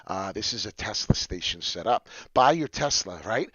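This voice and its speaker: A man hosting a casual crypto video, talking excitably and rambling with lots of filler "uh"s over a screen share, in a dry, slightly dull recording. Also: lowish voice, moderate pace, no room sound.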